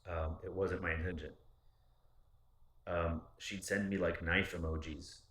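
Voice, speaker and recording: A man with a deep voice and a bright, pressed edge recounts a personal story casually. He talks in a candid, rambling way and swears freely. The sound carries a roomy echo. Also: flat delivery, measured pace.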